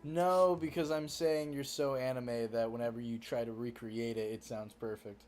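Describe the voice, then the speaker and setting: A woman's voice: rumbling low, fairly even intonation, normal speed, darkish tone, faint music behind. A woman co-streaming a game, chatting bluntly and sarcastically, swearing freely. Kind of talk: casual chat over a game.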